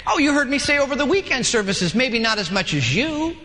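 A male pastor preaching a sermon in a lively way, acting out dialogues in different voices, in a large church hall. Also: very high voice, fairly quick, slight background noise. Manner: animated, acts out dialogues with shifting voices. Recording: long hall reverb.

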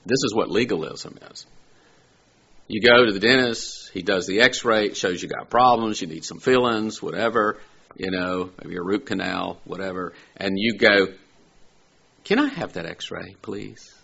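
Gravelly, husky male preacher, lo-fi. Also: lowish voice, moderate pace, pushed and bright. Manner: conversational, asks rhetorical questions, rises to emphatic peaks. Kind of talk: sermon.

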